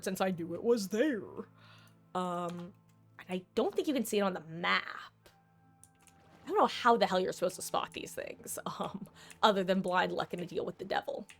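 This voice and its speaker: A woman's voice: medium pitch, gravelly, a bit bright. A woman streaming a video game, chatting casually with her viewers in a dramatic, talkative way as she plays. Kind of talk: casual gameplay commentary.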